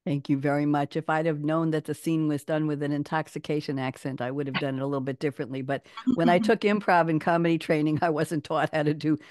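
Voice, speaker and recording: A woman hosting a live online talk show, chatty and animated, laughing often, speaking over a video call. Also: sits low, quick pace, hardly any pauses, no echo, studio quality. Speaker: host.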